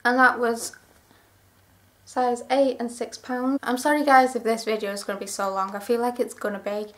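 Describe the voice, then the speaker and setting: A woman's voice: fairly high pitch, steady tone, moderate pace, fairly bright tone. A young woman chatting through a clothing haul vlog, gushing and rambling with enthusiasm. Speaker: vlogger.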